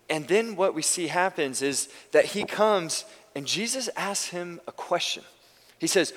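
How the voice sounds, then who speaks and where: A man's voice: a little high, normal speed, a bit bright, in a large hall. A male pastor giving a conversational sermon in a church, often restarting his sentences. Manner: conversational preaching with frequent restarts. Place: church sanctuary.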